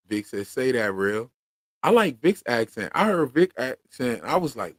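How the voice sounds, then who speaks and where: A man's voice: mid-range voice, big pitch swings, measured pace, no echo. Casual Philly-accented man chatting. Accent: Philadelphia. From Pennsylvania. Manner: loose, slangy, reads chat comments aloud. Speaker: podcast co-host. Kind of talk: casual livestream chat.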